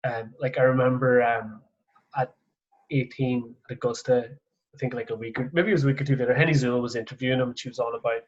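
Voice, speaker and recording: A man's voice: medium pitch, fairly even intonation, fast. A man who coaches golf and hosts the chat, talking casually and hesitantly, filling his sentences with "like" as he searches for words. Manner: hesitant, filler-heavy speech with many likes. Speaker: golf coach and podcast host. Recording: dull lo-fi sound.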